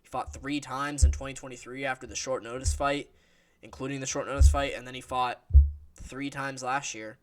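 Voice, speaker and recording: A man's voice: mid-range voice, level tone, moderate pace, faint music behind. A man giving a casual, blunt fight prediction in a vlog, swearing freely and sharing strong opinions. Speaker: MMA fight analyst.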